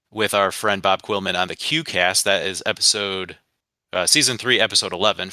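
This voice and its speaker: Midwestern man with a Michigan accent, chatty podcast co-host, bright and forceful tone, crisp clear delivery. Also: on the low side, no room sound. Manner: chatty, rambling asides, frequent ums. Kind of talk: casual sports podcast chat.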